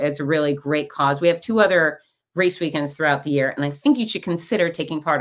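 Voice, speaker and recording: In a casual solo episode of her podcast, a low-voiced, middle-aged woman spins stories in an easygoing, talkative way. She regularly performs the characters' lines herself, giving her tales animated quoted asides.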